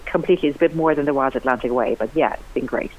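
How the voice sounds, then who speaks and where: A cookery writer and TV cook, guesting on a radio show, talks about cooking in a rumbling low, racing voice. Chatty and enthusiastic, she jumps up in pitch for lively emphasis, and the sound is dull and lo-fi like an old broadcast.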